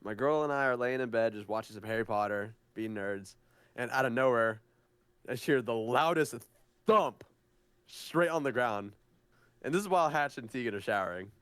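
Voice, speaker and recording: A man's voice: medium pitch, lively intonation, normal speed, a bit bright, clean tone, no echo. A young man co-hosting a casual podcast, telling a story in an easygoing way and laughing often. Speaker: podcast co-host.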